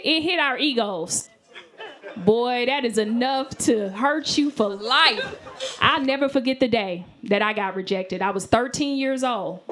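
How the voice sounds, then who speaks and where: Animated woman doing stand-up. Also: sits high. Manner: animated, acts out voices of men and friends. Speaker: stand-up comedian. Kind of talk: stand-up comedy set. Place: comedy stage. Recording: live show with audience laughter.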